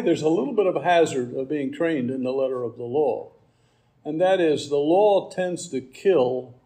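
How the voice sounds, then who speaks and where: A man's voice: fairly high pitch, gravelly, mellow, rough recording. A man preaching a conversational sermon, reading verses and explaining them with casual asides. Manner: conversational Bible teaching with asides and fillers. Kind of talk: sermon teaching.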